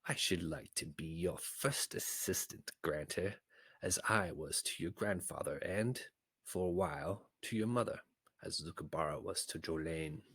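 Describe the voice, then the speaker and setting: A man voicing a sly, scheming old creature advisor with a raspy, fawning way of talking, in a storybook reading. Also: low voice, unhurried, no echo, exaggerated voice. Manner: wheedling, fawning flattery.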